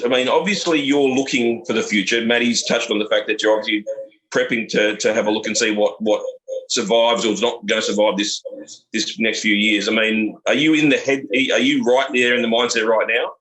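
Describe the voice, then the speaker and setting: A man's voice: on the low side, brisk, fairly bright tone, poor audio. A man hosting a podcast, asking questions in a chatty, matey way. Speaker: podcast host. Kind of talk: casual interview chat.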